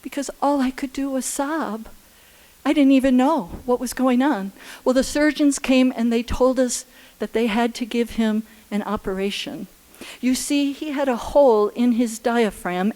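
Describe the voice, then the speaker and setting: A woman telling a personal story live on stage at a story slam, earnest and unhurried, with halting restarts. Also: a little high, mellow.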